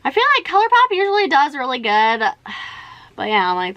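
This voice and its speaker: A woman's voice: a little high, big pitch swings, fairly quick, a bit bright. A young woman chatting while doing her makeup, telling a long story in a rambling, exasperated way with lots of "like" and "freaking". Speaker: beauty vlogger.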